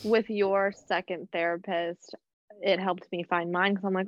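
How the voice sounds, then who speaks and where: A woman's voice: fairly low pitch, flat delivery, measured pace, no room sound, highs cut off. A woman in casual podcast chat, giggling often and filling her talk with "like". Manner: giggly, filler-heavy talk with many "like"s.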